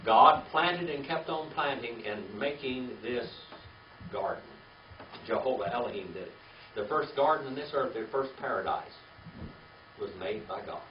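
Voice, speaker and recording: A man's voice: mid-range voice, animated, moderate pace. A man teaching a Bible lesson to a small class, asking questions, repeating key words and checking in with "all right?" after each point. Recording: distant, echoey, dull room recording with faint hiss.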